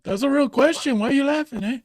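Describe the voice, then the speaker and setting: A man's voice: fairly high pitch, lively intonation, slow. A podcast host putting on the voice of a swaggering young male street tough, drawling slang and tacking "Holmes" onto his lines. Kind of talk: comedic put-on accent in podcast chat.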